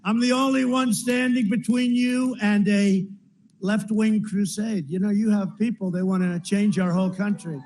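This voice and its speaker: A man's voice: high-pitched, fairly even intonation, moderate pace, darkish tone, slight background noise, poor audio. A man giving a campaign rally speech, rambling and repetitive, with frequent asides to the crowd. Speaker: politician addressing a rally. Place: large rally venue.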